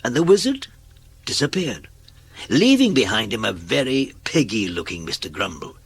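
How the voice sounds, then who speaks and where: A man reading a children's storybook aloud in an expressive read-aloud manner. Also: lowish voice, moderate pace, gravelly, breathy edge. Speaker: narrator.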